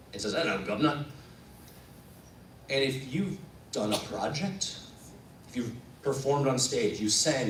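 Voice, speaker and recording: A man spins a story for a live audience, his pitch leaping up and down as he acts out each person. He sounds a little distant, in a roomy space with faint ambient noise behind him. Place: event room at a coffee house performance.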